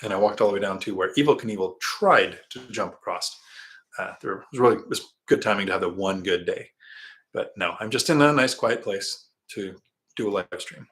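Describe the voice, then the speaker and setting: Low-voiced man hosting a live stream. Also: moderate pace, fairly bright tone. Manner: rambling, anecdotal, reads out viewer comments. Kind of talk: casual live stream chat answering viewer comments. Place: quiet indoor spot.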